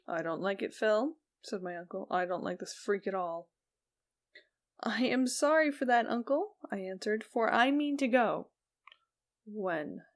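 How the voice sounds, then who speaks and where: A woman reading a Victorian ghost story aloud as an audiobook narrator, slow and even, dropping softly on the speech tags. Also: mid-range voice.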